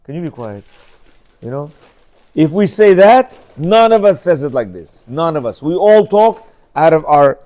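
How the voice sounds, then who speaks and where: A middle-aged man leads a Torah class on marriage with a notably high-pitched voice. He talks emphatically and scolds his listeners, repeating each point several times. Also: very animated, a little slow, dark tone. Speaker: religious teacher.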